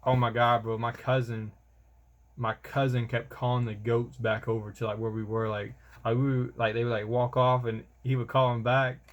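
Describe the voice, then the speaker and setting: A man's voice: medium pitch, level tone, moderate pace, dull audio. A young man, telling a rambling, slangy vlog story about army training and calling the listener bro. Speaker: soldier vlogger.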